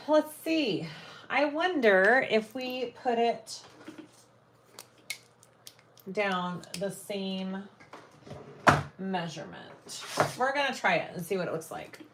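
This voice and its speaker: A woman's voice: medium pitch, slight background noise. A woman hosting a live sewing stream, thinking aloud as she works and chatting with viewers. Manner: thinks aloud while working, chats with viewers. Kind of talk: casual live sewing chat.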